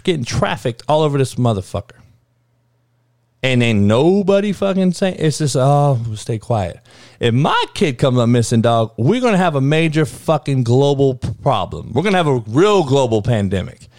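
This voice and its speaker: A man's voice: mid-range voice, darkish tone, dry recording, clean studio sound. A man hosting his own talk show, ranting heatedly and swearing constantly in street slang. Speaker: sports talk show host. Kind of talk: unscripted profane rant.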